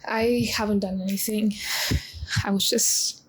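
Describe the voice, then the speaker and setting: A woman in her twenties talking in a confessional vlog, halting with many pauses and close to tears. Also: mid-range voice, steady tone, a little hiss or hum, low-quality recording. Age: 20s. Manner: halting, full of pauses and restarts. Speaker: vlogger.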